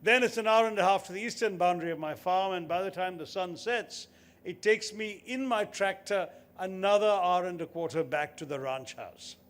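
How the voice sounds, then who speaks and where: A man's voice: high voice, moderate pace, a bit bright. A man voicing a boastful American male farmer in a told joke, drawling and matter-of-fact.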